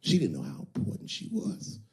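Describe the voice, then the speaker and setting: A male stand-up comic spinning a crude tale with theatrical flair. His pitch leaps and dips all over, while the voice sits in a middling register. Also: moderate pace, gravelly. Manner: animated, profane, theatrical. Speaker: stand-up comedian. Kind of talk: stand-up comedy storytelling.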